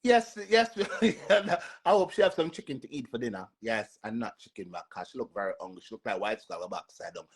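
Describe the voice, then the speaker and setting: A man's voice: fairly low pitch, sing-song, fast, few pauses, breathy edge. Jamaican man, casual live-stream host, sassy and repetitive, talks back to his comments.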